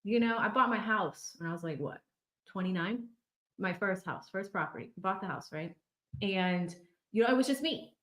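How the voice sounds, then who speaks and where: A woman in her thirties with a Boston accent talks through casual commentary in a chatty, conversational way, scattering fillers as she goes. Her mid-pitched voice sits in a roomy, echoing space. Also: animated, normal speed, fairly bright tone. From Boston area. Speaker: legal commentary host. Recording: roomy echo.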